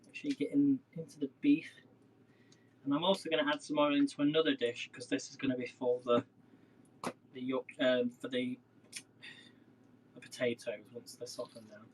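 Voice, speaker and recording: This cooking livestream host talks to his audience while working in his home kitchen, drifting into chatty tangents during the casual demo. His voice sits at medium pitch with a level tone and normal speed, and he pauses often. The audio is poor, with slight background noise.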